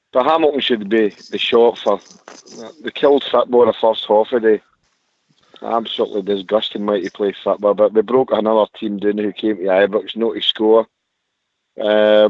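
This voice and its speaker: A Scottish man rings in to a fan phone-in from his parked car. His voice sits on the low side, dry and close on a muffled phone line. He talks with eager enthusiasm, piling up superlatives. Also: no room sound. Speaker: caller. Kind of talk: casual phone-in chat.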